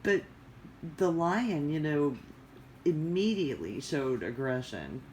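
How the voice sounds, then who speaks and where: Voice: medium pitch, big pitch swings, slow, a little mellow, a little hiss or hum, low-quality recording. A vlogger chatting casually in a rambling, digressive way with many fillers. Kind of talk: casual chat.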